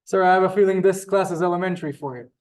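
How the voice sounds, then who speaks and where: In a teaching room in front of a board, a man leads a live beginner language lesson over a video call, drawing out and exaggerating every word he pronounces. His voice sits high with a darkish tone.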